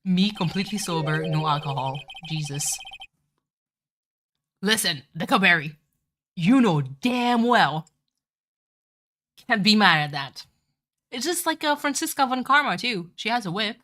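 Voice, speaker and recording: A woman's voice: medium pitch, expressive, moderate pace, bright, forceful tone. A woman streamer chatting casually while playing a game, talkative, swearing and saying "like" a lot. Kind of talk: casual live-stream chat.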